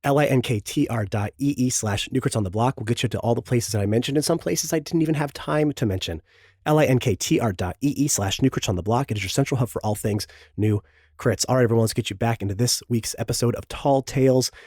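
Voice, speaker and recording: Hoarse man reading a podcast plug. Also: medium pitch, fast talker, a little mellow, no echo, clean studio sound. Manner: joking, self-pitying asides. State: hoarse, sore throat. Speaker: podcast host. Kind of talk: podcast promo read.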